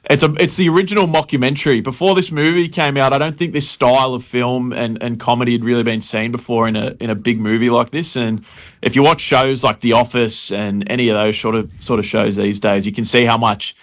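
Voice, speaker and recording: A man's voice: medium pitch, fairly even intonation, brisk. A man on a radio panel, eagerly explaining and stumbling over words. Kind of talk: radio banter.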